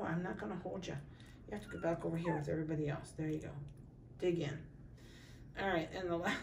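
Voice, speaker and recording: A middle-aged woman dog breeder in a casual puppy update, cooing softly to the litter and giving brisk practical notes to buyers. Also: on the low side, recorded from a distance, slight background noise. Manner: coos softly to puppies, then gives brisk practical notices to buyers.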